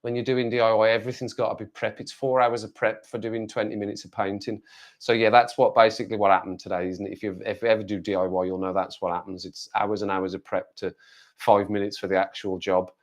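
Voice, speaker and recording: A man's voice: fairly low pitch, flat delivery, fast talker. A man from the West Midlands with a Black Country accent, chatting casually on a live stream and rambling as he answers viewer comments. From West Midlands, England. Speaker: livestreamer.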